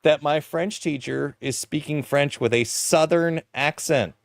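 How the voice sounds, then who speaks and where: A man chatting casually as co-host, telling animated stories and swearing freely. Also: fairly high pitch, a little slow, vocal fry, a crowd in the background. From Canada. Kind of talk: casual chat.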